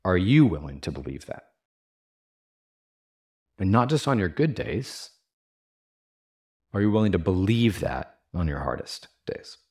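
A man's voice: low voice, big pitch swings, a little slow, long pauses, darkish tone. A man pastor giving a sermon in an earnest, conversational way, asking his listeners many rhetorical questions and using casual fillers.

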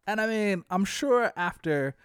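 A man's voice: sits high, animated, unhurried, fairly bright tone, smooth, no room sound, clean studio sound. A man hosting a podcast, teasing his co-host in a laid-back, casual chat with some swearing. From United States.

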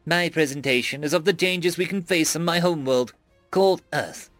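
A man's voice: fairly high pitch, brisk, a bit bright, dry recording, faint music behind, close to an everyday voice. A man voicing a nervous, polite human schoolgirl who talks in a hesitant, formal way. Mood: glum.

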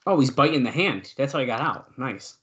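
A young adult man co-hosting a casual wrestling watch-along podcast, excitedly calling the moves and chatting between them. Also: mid-range voice, brisk, dull audio. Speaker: podcast co-host.

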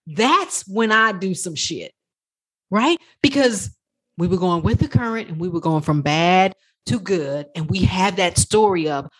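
A woman life coach talking through a podcast monologue, animated and profane, acting out her own inner voice. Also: on the low side, a little slow, slightly rough.

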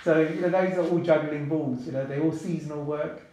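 A man, talking casually as a podcast guest in a relaxed, chatty way with many asides. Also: on the high side, fairly quick. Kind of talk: casual interview talk. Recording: very echoey room.

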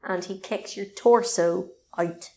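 Laughing woman recapping a game. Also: mid-range voice. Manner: animated, laughs often, quick asides. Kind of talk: casual chat recapping a video game.

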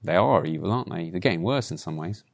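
In a low, creaky voice with lively intonation, this preacher talks fast through a conversational sermon, telling personal stories. He frequently adds tag questions such as "right?".

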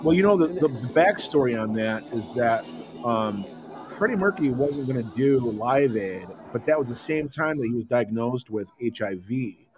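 A man's voice: medium pitch, normal speed, soft background music. A man in casual chat about rock bands, telling stories with animation. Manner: storytelling, animated.

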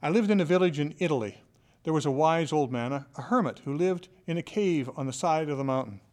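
A man who is a motivational speaker, telling a scripted story in an expressive, dramatic way. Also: on the high side, a little fast. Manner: expressive, dramatic, with shifting loudness.

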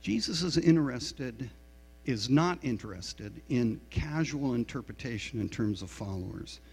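Middle-aged guy preaching, slow and kinda gravelly, big echoey church with a hum underneath. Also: mid-range voice, lively intonation, darkish tone. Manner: confessional, self-deprecating storytelling. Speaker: pastor. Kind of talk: sermon. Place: church sanctuary. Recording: reverberant hall with mains hum.

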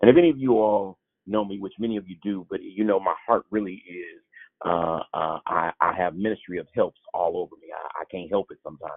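Man, gravelly, husky, halting Bible teaching, tinny phone-like sound. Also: low-pitched, animated. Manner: halting, many fillers and restarts. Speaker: small-group teacher.

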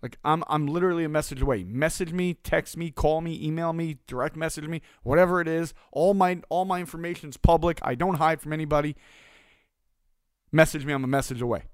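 A man's voice: a little high, fairly even intonation, fairly quick, clean tone, dry recording. A man giving a casual motivational talk as a business coach, blunt and profane, hammering points home through repetition.

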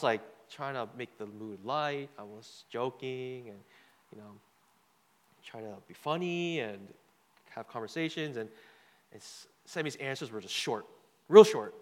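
A man with a slightly high voice gives a sermon that includes a personal story. He talks loosely and conversationally, repeats words, and asks the crowd "right?" along the way. The audio has a long hall reverb.

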